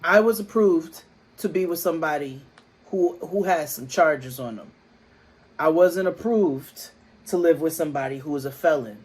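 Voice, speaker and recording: A man's voice: a little high, moderate pace, slightly rough. A man co-hosting a casual TV recap chat who laughs easily and riffs on the scenes. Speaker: co-host of a TV recap show.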